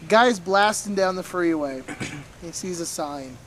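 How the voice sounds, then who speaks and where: A man at a campout telling a joke in a measured, deliberate way. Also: sits high, a crowd in the background, rough recording. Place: outdoors at a campsite.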